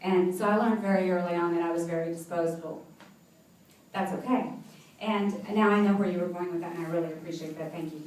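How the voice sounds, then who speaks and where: A motivational speaker with a lowish, darkish voice talks a little fast in fairly even tones, sharing personal stories and laughing often as she inspires a seated crowd. She is in an event hall, and the echoey recording makes her sound distant.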